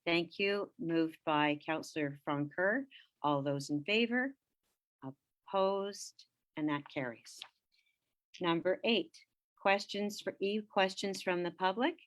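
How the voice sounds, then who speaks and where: Brisk woman chairing a council meeting. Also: on the low side. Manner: brisk, procedural. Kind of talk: formal council meeting procedure.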